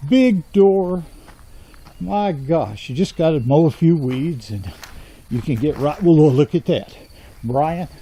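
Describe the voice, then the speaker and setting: A middle-aged man with a Texas accent, hosting a vlog and jokingly pitching a run-down warehouse as a workshop. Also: warm tone. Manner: teasing, mock sales pitch. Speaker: woodworking channel host.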